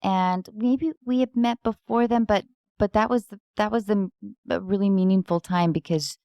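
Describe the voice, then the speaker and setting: A woman's voice: mid-range voice, fairly even intonation, normal speed, warm tone, dry recording. A woman hosting a podcast, chatting casually into a close microphone, playful and rambling, often laughing. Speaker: podcast host. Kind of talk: casual chat.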